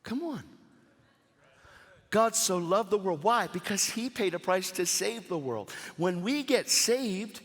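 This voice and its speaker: Guy preaching a sermon, high bright voice, all over the place pitch-wise, big hall reverb. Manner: animated, casual slang-filled delivery. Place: church service.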